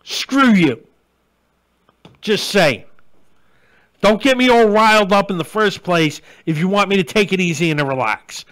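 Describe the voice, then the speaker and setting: A middle-aged man hosts his own live online show, talking straight to his viewers in a blunt, crude, ranting way. His voice sits high for a man. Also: moderate pace, fairly bright tone. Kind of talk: live-stream rant and chat.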